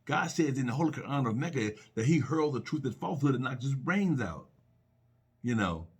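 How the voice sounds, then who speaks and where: A man's voice: mid-range voice, animated, brisk, breathy edge. A middle-aged man sharing personal reflections on faith and love, earnest and repetitive, full of rhetorical questions and restarts.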